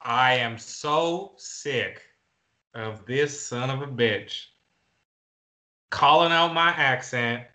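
Guy doing a loud southern drawl farmer, touchy and combative, real sharp bright voice. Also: medium pitch, very slow, long pauses, exaggerated voice. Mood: angry. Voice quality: drawling, indignant. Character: hot-tempered Southern male fruit farmer. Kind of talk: improv comedy sketch.

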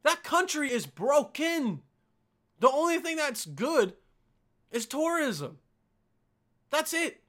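A young Bosnian man hosts a casual solo podcast, ranting profanely and animatedly while calling his listeners "dude" and "man." His voice is very high-pitched, and he speaks slowly with long pauses.

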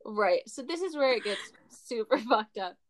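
A woman's voice: a little high, moderate pace. Young woman telling stories, swearing. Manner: animated storytelling, swearing. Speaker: podcast co-host. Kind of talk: casual chat.

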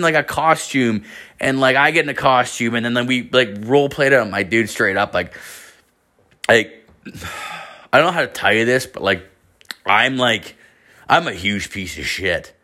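Young male podcast host, loose rambling storyteller, swears constantly, mid-pitched voice, jumps up in pitch when quoting others. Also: expressive, normal speed, bright, forceful tone. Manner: rambling and profane, heavy filler words; acts out other people's lines in a raised voice. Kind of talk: casual storytelling monologue.

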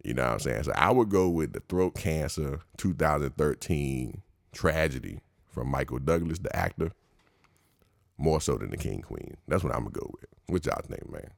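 A man's voice: rumbling low, animated, normal speed, creaky, no echo, studio quality. A male podcast host in a slangy, profane comedic monologue, laughing at his own riffs.

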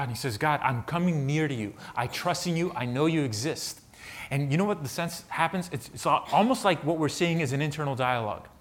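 Male pastor, slightly high voice, sermon delivery that swings from hushed to fervent. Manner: swings from hushed to fervent, reads scripture aloud.

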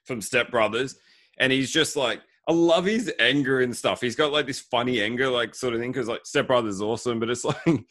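A man co-hosting a podcast, chatting casually about a movie, relaxed and amused. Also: medium pitch, fairly quick. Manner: laughs often, relaxed and amused. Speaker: podcast co-host.

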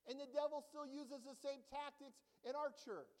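A man preaching a sermon as pastor, animated and joking with the congregation, acting out mocking voices. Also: very high voice, moderate pace, few pauses, big-room sound. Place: church sanctuary.

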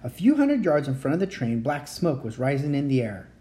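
Reading a children's chapter book aloud at home, this reader has a dark, mellow voice and moves a little fast. Big pitch swings run through the story, and now and then they stumble and start over.

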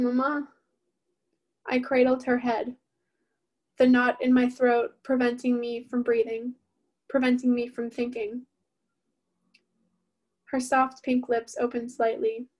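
A woman reading her own novel aloud in the first person, steady and even-toned. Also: a little high.

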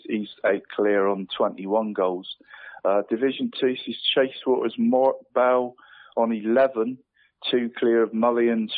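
A man phones into a radio sports show with his league round-up, stumbling and repeating words as he goes. His voice sits at an ordinary middle pitch and comes through a thin, tinny phone line. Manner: hesitant, repeats words, says "mate" constantly. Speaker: football league pundit.

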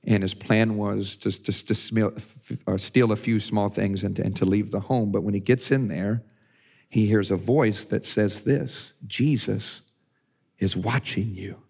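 A male pastor with a lowish voice preaches in a relaxed, conversational way. He often restarts and repeats words as he talks. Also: a little slow, vocal fry. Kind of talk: sermon.

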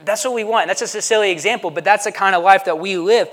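A man's voice: high-pitched, fast, a bit bright. A male pastor preaching a sermon in a conversational way, often checking in with the congregation by asking "right?". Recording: long reverb of a large hall.

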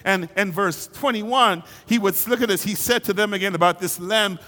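A male pastor preaching a sermon in a church, his delivery rising into fervent shouting. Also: sits high, moderate pace, in a large hall.

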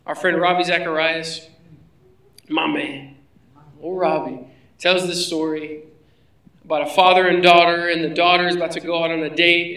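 A man's voice: a little high, pushed and bright, reverberant, recorded from a distance, low-quality recording. A man preaching a sermon in a conversational way, asking his listeners rhetorical questions. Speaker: pastor.

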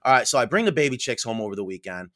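A middle-aged man from New York State, a podcast guest telling stories in a casual, animated way and acting out the voices he quotes. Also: medium pitch, racing. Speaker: podcast guest, coop builder. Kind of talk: casual storytelling interview.

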